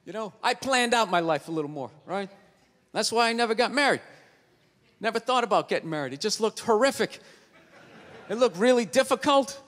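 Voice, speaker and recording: High-voiced, ranting male comedian. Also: fairly bright tone, big-room sound. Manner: profane, ranting, rhetorical asides. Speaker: stand-up comedian. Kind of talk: stand-up comedy routine.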